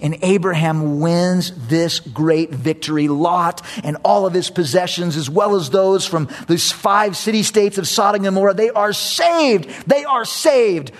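A man preaching a sermon, telling a story with animated energy and repeating phrases for emphasis. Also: sits high, moderate pace, hardly any pauses.

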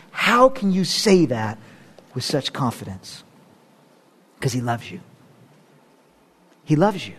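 A high-voiced man preaching a sermon as the pastor of a church service. He swings between loud, raised appeals and soft, low prayer, with joking asides in between. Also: breathy edge.

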